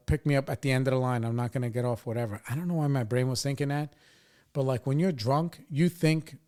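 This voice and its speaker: A man in his forties from New York State, a podcast host telling a story in a rambling, profane way and tagging his lines with "right?" and "you know". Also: medium pitch. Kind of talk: casual storytelling.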